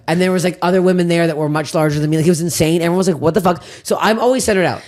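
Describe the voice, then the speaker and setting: A woman hosting a comedy podcast, telling stories in a casual, profane, animated way. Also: low voice. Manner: profane, rapid, animated storytelling. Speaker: podcast host. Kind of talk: casual comedic chat and storytelling.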